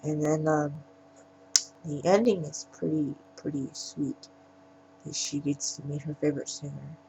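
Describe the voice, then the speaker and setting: Low, gravelly-voiced woman recapping a film. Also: steady tone, measured pace, background noise. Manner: rambling retelling with frequent restarts. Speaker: film reviewer. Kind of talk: casual spoken plot recap.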